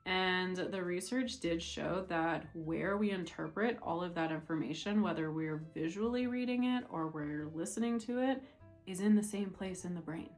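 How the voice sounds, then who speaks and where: A woman's voice: on the low side, moderate pace, soft background music. A woman chatting casually as a book vlogger, rambling with restarts as she reviews her reads.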